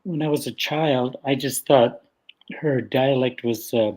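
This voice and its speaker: This older guest storyteller, from Vancouver Island's west coast in Canada, speaks at medium pitch on a rough recording. He tells casual stories gently and without hurry, often breaking into laughter between phrases.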